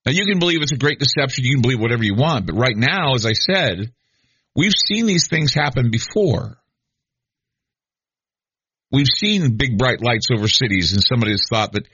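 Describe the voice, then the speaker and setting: Man, middle-aged, radio talk host, husky, rambling monologue, slightly muffled audio. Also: mid-range voice, animated, moderate pace, pushed and bright, no echo. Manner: rambling, conversational, many restarts and fillers. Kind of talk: late-night radio monologue.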